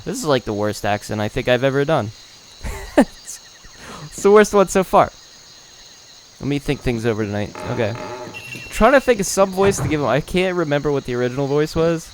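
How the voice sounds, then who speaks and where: A man's voice: fairly high pitch, animated, moderate pace, slight background noise, rough recording. Casual rambling let's play guy. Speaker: let's play host voicing the dialogue. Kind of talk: casual gameplay commentary.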